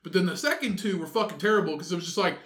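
A man's voice: high-pitched, rapid-fire, a bit bright. A man co-hosting a podcast in casual chat, rambling, swearing freely and laughing often. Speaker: podcast co-host. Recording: echoey room.

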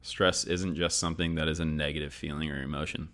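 A man's voice: very deep voice, little pitch movement, quick pace, a bit bright. A man hosting a sport and performance psychology session, upbeat and repeating his key points. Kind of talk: scripted educational talk.

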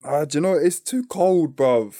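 A man's voice: fairly high pitch, normal speed, mellow, dry recording, clean studio sound. A young man with a London accent, co-hosting a podcast in laid-back, slangy banter. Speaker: podcast co-host. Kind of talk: casual chat. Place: small back room at home.

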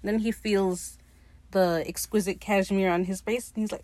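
A woman's voice: medium pitch, fairly even intonation, normal speed, darkish tone, dry recording. A woman recapping a TV episode in a casual, profane, gushing way, acting out the characters' lines in her own voice. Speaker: podcast host.

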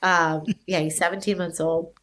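A woman's voice: fairly low pitch, level tone, moderate pace, fairly bright tone. A woman in her thirties in casual chat, rambling through a story with frequent laughs and the odd swear word.

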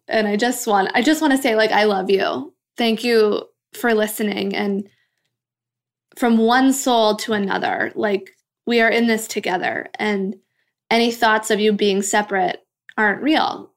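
A young woman hosts her own podcast and speaks straight to her listeners in a gentle, affirming way. Her voice sits at an ordinary middle pitch, and she drops in a casual curse now and then. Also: gravelly. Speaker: podcast host. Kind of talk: heartfelt solo podcast monologue.

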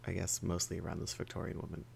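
A man's voice: sits low, completely flat delivery, fast, vocal fry, slight background noise. A man playing a tabletop game, casting spells and teasing the others. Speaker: player. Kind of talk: casual tabletop game chat.

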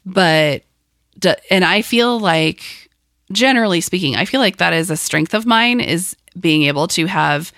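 A woman in her thirties co-hosting a podcast with a lowish voice that is a bit raspy from a cold. She rambles through chatty asides and laughs easily. The voice is close to the mic in a dry room. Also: lively intonation, measured pace, a bit bright, no room sound. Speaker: podcast co-host. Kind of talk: casual podcast chat.

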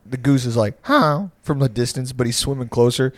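A man's voice: mid-range voice, little pitch movement, fairly quick, a little mellow, no room sound, studio quality. Profane, rambling storytelling man. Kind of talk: casual chat.

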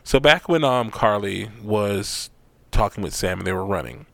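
A man giving a casual, profane recap of an episode, animated and acting out the quotes. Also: on the low side, moderate pace, gravelly, no echo. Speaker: show recap host.

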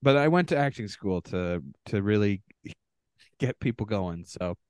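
A man's voice: on the low side, animated, unhurried, darkish tone, clear, resonant tone, dry recording, clean studio sound. A man from Canada co-hosting a casual podcast, reading contestant bios aloud with offhand asides. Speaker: podcast co-host.

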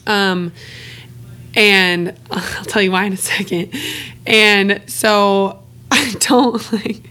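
A woman's voice: mid-range voice, fairly even intonation, extremely slow, bright, forceful tone. A woman co-hosting a podcast, talking openly and casually, swearing freely and laughing between phrases. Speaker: podcast co-host. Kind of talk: candid casual podcast chat.

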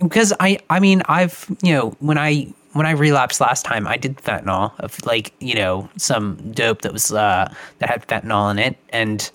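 A man hosting a casual podcast chat, talking in a halting, profane way with many restarts. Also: mid-range voice, fairly bright tone, no echo.

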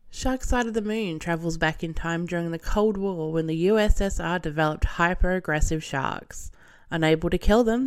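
A woman's voice: lowish voice, darkish tone, clean tone. A woman hosting a podcast, reviewing a film in a casual, irreverent monologue, swearing and laughing as she goes. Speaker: podcast host.

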